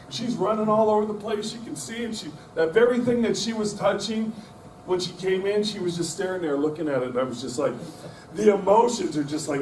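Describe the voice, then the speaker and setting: A man's voice: high voice, fairly quick, slight background noise. Middle-aged male guest speaker, folksy rambling storyteller with self-deprecating humor, miked from a distance. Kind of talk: anecdotal storytelling talk. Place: club meeting room. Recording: echoey room from a distance.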